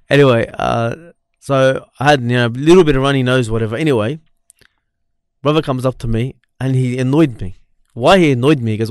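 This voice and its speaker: A man's voice: mid-range voice, a little fast, dry recording, clean studio sound. A man in his thirties with an Australian accent, telling a personal story in casual conversation, acting out the dialogue and laughing as he goes. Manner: animated, laughs while telling, acts out dialogue. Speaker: podcast co-host.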